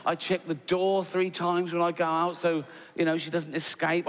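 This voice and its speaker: A man doing a stand-up comedy set, crude and sardonic, acting out little scenes as he goes. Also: a little high. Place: large theater with live audience. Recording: long hall reverb with loud audience laughter.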